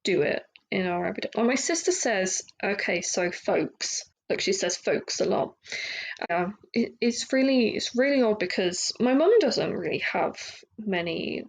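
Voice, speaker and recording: A woman's voice: medium pitch, animated, normal speed, vocal fry, poor audio. A young woman hosting a casual solo podcast, talking candidly and rambling with lots of fillers and restarts. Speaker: podcast host.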